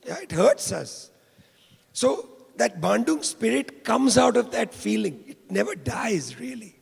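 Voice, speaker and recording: A high-pitched, heavily gravelly older man from India delivers an impassioned public lecture. His husky, worn voice rings out in a long-echoing hall as he leans on repeated phrases. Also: very animated, unhurried. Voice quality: hoarse, rough voice. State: hoarse. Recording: reverberant hall.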